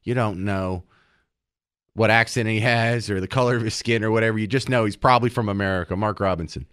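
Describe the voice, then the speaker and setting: A man's voice: on the low side, fairly quick, a bit bright, smooth, no room sound, clean studio sound. A man hosting talk radio, giving chatty, opinionated political commentary with restarts.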